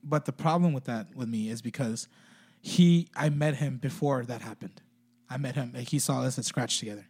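A man's voice: medium pitch, normal speed, darkish tone, husky. A man in casual podcast chat, rambling with lots of filler words and swearing.

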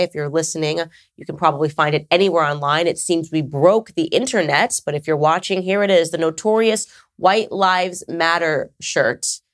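A woman hosting her own talk show, speaking straight to camera in a conversational, emphatic way with sarcastic asides. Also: low-pitched. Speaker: podcast host. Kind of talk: casual monologue to camera.

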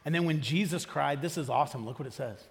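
A pastor delivers a conversational sermon in a church auditorium, frequently asking his congregation questions. He talks fast in a slightly high voice with vocal fry, and the sound carries like a large hall.

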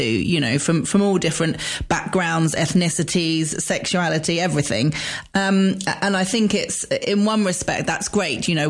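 A woman interviewer chatting with a guest, thinking aloud as she speaks. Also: low voice. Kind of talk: interview conversation.

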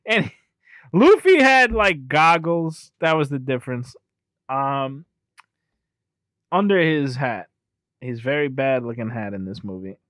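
A man's voice: medium pitch, big pitch swings, a little slow, long pauses, a bit bright, no echo, studio quality. Rambling, swearing young-sounding man chatting. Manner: rambling, profane, with many restarts. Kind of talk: casual chat recapping an anime film.

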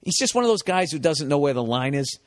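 A man spins a rambling, profanity-laced story as a podcast host, his voice sitting a bit high for a man. The sound is close and dry, with no room around it. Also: big pitch swings, fast talker, dry recording. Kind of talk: casual comedic monologue.

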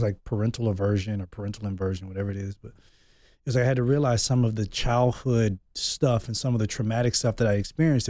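A man's voice: lowish voice, mellow, dry recording. Candid, reflective man, thirties, dry sound. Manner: open, reflective, thinks aloud. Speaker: podcast guest. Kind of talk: candid personal conversation.

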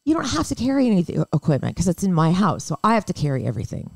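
A middle-aged woman co-hosting a podcast, chatting casually, getting excited and laughing often. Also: on the low side, very fast, creaky, breathy edge, no echo. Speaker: podcast co-host. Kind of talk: casual chat.

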